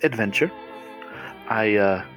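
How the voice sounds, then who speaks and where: A man's voice: on the low side, animated, takes it slowly, a bit bright, soft background music. A man player speaking in character, hesitant, with many fillers. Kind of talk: in-character role-play.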